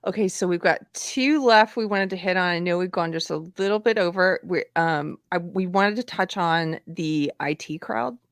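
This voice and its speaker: A woman hosting a casual online talk show, easygoing and quick to laugh at herself. Her voice sits a little low for a woman and sounds close and dry. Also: smooth, no echo. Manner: friendly, self-deprecating, laughs along. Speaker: host. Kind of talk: casual chat.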